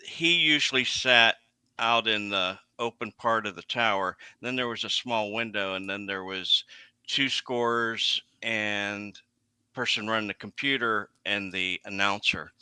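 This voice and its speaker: A man with a bright, crisp, smooth voice recalls racetrack stories at a very unhurried pace. He halts and restarts often, in a dry, close sound. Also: fairly low pitch, no room sound. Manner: halting, with many restarts. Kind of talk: storytelling in a casual chat.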